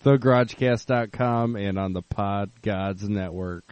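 Casting: male podcast host, low voice, dry close sound, easygoing. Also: unhurried, a little mellow, clean tone, no echo. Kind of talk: casual podcast chat.

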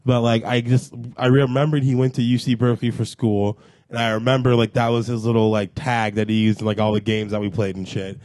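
A tipsy man co-hosting a podcast, joking around in loose, profane, animated chat. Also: mid-range voice, brisk, no room sound. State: tipsy from drinking. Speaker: podcast co-host. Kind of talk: casual chat.

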